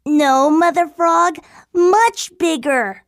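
Woman voicing big brother frog, curious and stubborn, high voice, slow careful delivery, dry close sound. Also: dry recording, full character voice. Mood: earnest. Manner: playful and insistent. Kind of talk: storybook acting.

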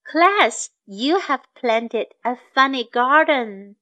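A patient, kind schoolteacher from a children's storybook, read by a woman. She speaks high and unhurried. Her words come out gentle and encouraging. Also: expressive, lo-fi sound, full character voice.

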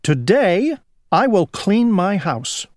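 A man voicing a tidy, brisk middle-aged farmer's wife in a fussy, raised voice. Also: sits high, sing-song, no room sound, clean studio sound, voice pushed up, heavily acted. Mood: cheerful.

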